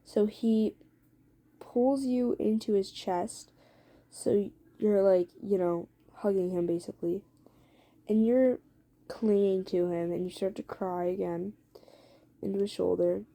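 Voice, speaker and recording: A woman's voice: medium pitch, fairly even intonation, slow pace, dark tone. A woman telling a second-person fan story aloud in a rambling, casual way, full of fillers and swearing.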